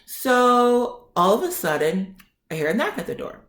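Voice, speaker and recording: A young woman vlogger telling a story in a sassy, animated way and acting out the people in it. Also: a little high, measured pace, reverberant. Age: young adult. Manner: sassy, acts out quoted voices.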